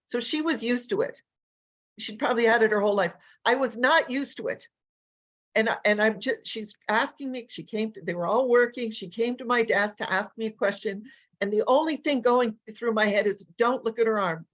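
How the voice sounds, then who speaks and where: A woman language coach and educator, telling stories in an animated, energetic way during a casual interview. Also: on the high side, normal speed, muffled recording. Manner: animated, energetic storyteller who acts out voices.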